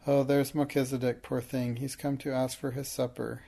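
A man's voice: medium pitch, level tone, moderate pace, gravelly, mellow. A man reading the part of an earnest, thoughtful and proud young schoolgirl in a storybook, speaking in careful, earnest words.

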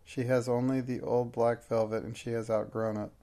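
A man's voice: medium pitch, level tone, moderate pace, warm tone, close to an everyday voice. A man reading the part of a timid, flustered middle-aged woman who stammers anxiously.

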